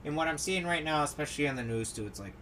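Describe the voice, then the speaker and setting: A young man rants on his own podcast with a lively voice that swings up and down. He sits a little high for a man and talks in an exasperated, profane way, mocking the people he complains about. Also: rapid-fire, a little hiss or hum. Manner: exasperated ranting, swearing, mocking quoted people. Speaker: podcast host. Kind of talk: solo podcast rant.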